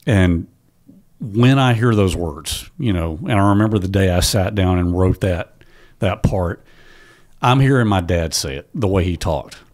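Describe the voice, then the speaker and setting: A middle-aged man, a guest on a podcast, telling stories in a halting way with frequent restarts and fillers. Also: low-pitched. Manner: halting, restarts often, then quotes his father in a raised animated voice. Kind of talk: conversational storytelling.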